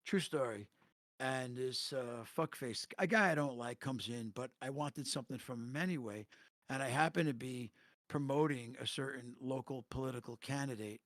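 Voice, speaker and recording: A man on a voice chat telling rambling, profane stories in a casual, animated way. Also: mid-range voice, normal speed, no room sound, clean studio sound. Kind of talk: casual storytelling. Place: home, voice chat.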